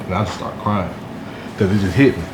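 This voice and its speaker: A man's voice: low voice, a little fast. A man, a podcast guest telling a story from his school days in a loose, slangy way that is full of "you know what I'm saying". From Durham, North Carolina. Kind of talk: casual storytelling. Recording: echoey room, faint background hum.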